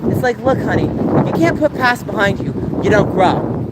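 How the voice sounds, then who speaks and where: A man's voice: sits high, animated, normal speed. A man livestreaming while walking city streets, talking passionately and ranting to his chat, with a sore throat and coughs. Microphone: handheld game console mic. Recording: loud wind noise on a handheld device.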